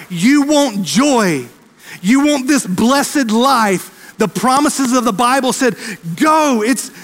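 A pastor delivers a fervent sermon in a strikingly high male voice. He races through some lines and slows others for weight. The sound rings with the long reverb of a big church hall. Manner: fervent preaching, quickening and slowing for emphasis.

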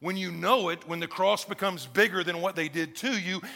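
A man's voice: sits high, fairly even intonation, normal speed, vocal fry, pushed and bright. A man preaching a sermon as pastor, talking conversationally and asking the congregation rhetorical questions. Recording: long hall reverb.

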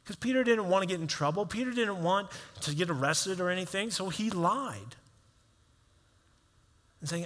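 A man's voice: high voice, animated, moderate pace, a bit bright, big-room sound. A male pastor preaching a sermon in a conversational style, acting out quoted voices as he tells a story.

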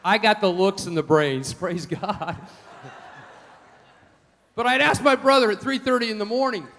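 A man preaching a sermon, telling folksy stories in an animated way. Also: sits high, moderate pace, vocal fry, in a large hall, slight background noise. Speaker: pastor.

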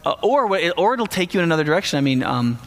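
A man delivers a sermon in a slightly high voice, talking to the congregation in an easy, conversational way that keeps turning animated. His words ring out with a long reverb, as if from a large hall. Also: very fast. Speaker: preacher.

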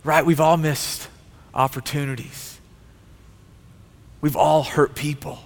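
A man's voice: on the high side, fairly even intonation, takes it slowly, creaky. A male pastor preaching a sermon with an earnest, repetitive cadence. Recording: long hall reverb.

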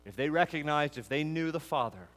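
A male preacher delivers an expository sermon from a church sanctuary, his fairly high voice rising through emphatic lists before falling quiet and low. Long reverb from the hall trails each phrase. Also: lively intonation, fairly quick. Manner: emphatic, building lists to a peak then dropping low.

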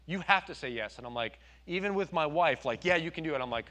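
A man preaching a sermon, telling his story with animated quoted voices. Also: fairly high pitch, quick pace, few pauses. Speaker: pastor.

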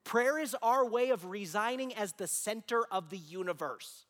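A man in his forties delivers a sermon in a notably high voice. He mixes personal stories and light humor with rhetorical questions. His voice rings out with a long reverb, as if in a large hall. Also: moderate pace, a bit bright. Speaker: pastor.

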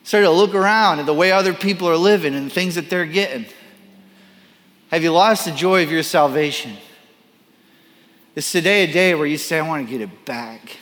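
A male pastor delivers a sermon with a fairly high voice and an animated, playful way of talking. He acts out the voices of the people he quotes and drops self-deprecating asides. The sound carries a long reverb, as in a large church auditorium. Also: moderate pace, pauses often.

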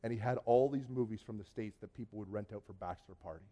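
A man from Canada, telling a personal testimony in a lively storytelling way, acting out dialogue and often restarting his sentences. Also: lowish voice, fast. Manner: lively, acts out dialogue, frequent restarts and repeated words. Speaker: speaker giving a personal testimony.

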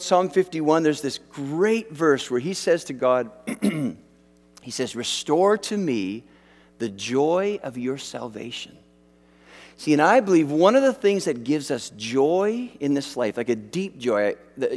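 A male pastor delivers a sermon in a lively, swooping voice that sits a little high for a man. He talks casually to his congregation, circling back and restarting his phrases. His words ring out with a long echo through the church hall. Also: moderate pace. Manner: conversational, animated, many restarts and fillers.

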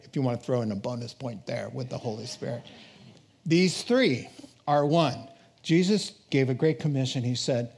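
A male pastor preaching a sermon in a lively way, joking with the congregation and laughing between points. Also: a little high. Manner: animated, jokes with congregation, laughs often.

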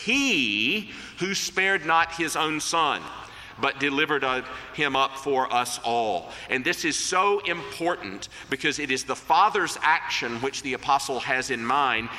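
A man preaching a sermon in an earnest, deliberate way, slowing down to quote scripture. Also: fairly high pitch, sharp tone. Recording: long reverb of a large hall.

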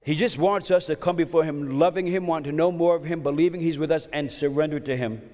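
A man's voice: fairly high pitch, fast talker, dark tone. A man preaching a sermon in an earnest, conversational way, often restarting his sentences. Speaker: pastor. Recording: long hall reverb.

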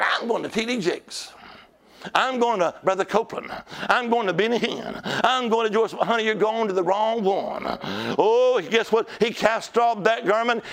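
A man preaching a sermon in a church, telling stories with shouts and call-outs to the congregation. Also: high voice.

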